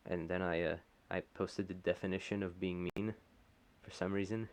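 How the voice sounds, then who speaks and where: A man narrating a commentary video, explaining in a halting way full of fillers like "you know" and "uh". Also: low voice, steady tone, clear, resonant tone. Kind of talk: reading out a chat log with commentary.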